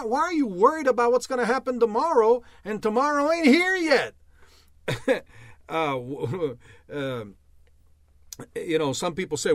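Animated high-voiced man preaching. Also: no room sound, clean studio sound. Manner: emphatic, laughs at himself, many uh fillers; preacherly refrains like amen and bless God. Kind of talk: sermon teaching.

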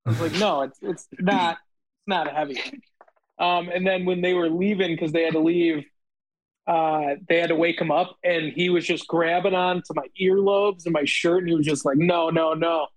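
A man with a slightly high voice leads a relaxed chat among friends. He tells stories with energy and slips into the voices of the people he quotes. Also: brisk, low-quality recording. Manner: animated storyteller acting out quotes. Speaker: host. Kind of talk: casual chat.

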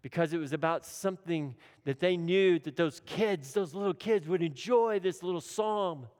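At a moderate pace, a man preaches with sharp contrasts between urgent, loud delivery and soft, low moments, echoing key phrases for emphasis. Long hall reverb colors the recording.

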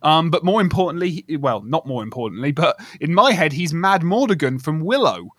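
A man's voice: fairly high pitch, lively intonation, a little fast, fairly bright tone, no room sound, studio quality. A man hosting a casual academic discussion, talking in a rambling way with many restarts. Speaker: podcast host.

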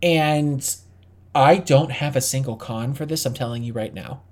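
A man's voice: mid-range voice, measured pace. Candid man co-hosting a chat podcast. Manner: candid, thinks aloud with restarts. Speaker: podcast co-host. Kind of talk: casual chat.

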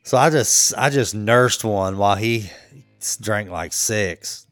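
Laughing a lot and acting out quotes, this podcast co-host tells a laid-back, jokey story about a work trip in a casual storytelling chat. His voice sits on the low side, slow and a bit bright. There's no room sound, just soft music behind him.

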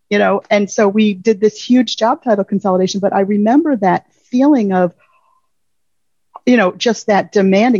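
A woman's voice: mid-range voice, normal speed, warm tone, dry recording. A woman guest talking casually in an interview, filling her thoughts with "you know" asides, over a remote call. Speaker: guest payroll leader. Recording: dull lo-fi remote audio.

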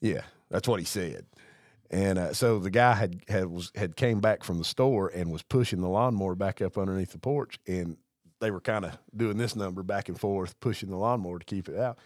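A man's voice: low voice, moderate pace, a little mellow, no room sound, clean studio sound. A male podcast co-host and police officer, telling profane stories in casual chat and laughing at his own punchlines. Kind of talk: casual storytelling over drinks.

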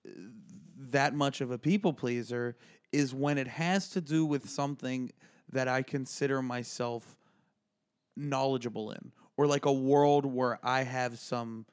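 A man co-hosting a podcast, talking in casual chat in a reflective way, with halting restarts. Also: mid-range voice, steady tone, clear, resonant tone. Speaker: podcast co-host, comedian.

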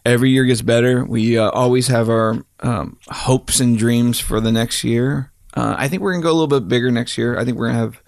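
A man's voice: medium pitch, steady tone, brisk, creaky, few pauses, no room sound, clean studio sound. A man co-hosting a podcast, talking in a loose, profane way with plenty of fillers. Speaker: podcast co-host. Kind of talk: casual joking chat.

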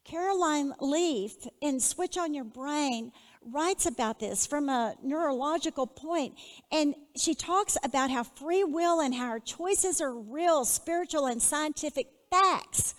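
A woman teaching a Bible lesson in an earnest, measured way, putting questions to her listeners. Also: high voice, in a large hall.

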